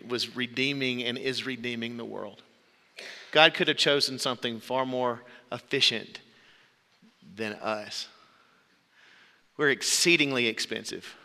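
A man's voice: medium pitch, vocal fry, long reverb tail. A man preaching a sermon, earnest, telling stories to make his point. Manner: earnest, storytelling, shouts out quoted voices.

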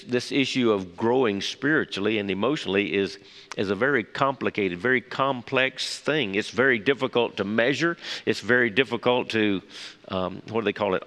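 A man leading a morning Bible study, folksy and halting, with many fillers and restarts as he tells a joke and prays. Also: mid-range voice, a bit bright. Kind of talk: morning devotional talk with prayer. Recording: long hall reverb.

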